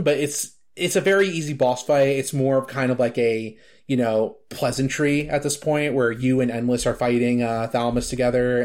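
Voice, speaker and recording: A man's voice: mid-range voice, darkish tone. A man in casual chat about a video game, rambling with lots of filler words and restarts.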